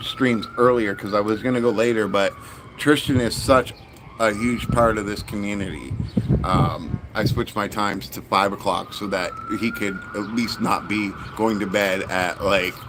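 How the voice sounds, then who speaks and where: A man's voice: lowish voice, steady tone, measured pace, noisy background. A man chatting bluntly and profanely while streaming a Lego build. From Canada. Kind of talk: casual live-stream chat.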